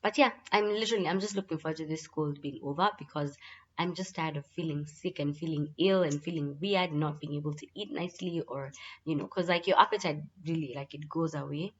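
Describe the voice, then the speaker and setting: A woman's voice: deep voice, fairly quick, husky. A woman chatting through a casual monthly update vlog, her voice a bit congested from a lingering cold, repeating words for emphasis. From Kenya. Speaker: vlogger. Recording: slightly dull lo-fi audio.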